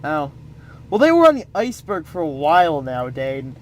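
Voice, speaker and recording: A man's voice: a little high, wildly swooping pitch, normal speed. A man improvising a comic story, rambling with playful asides.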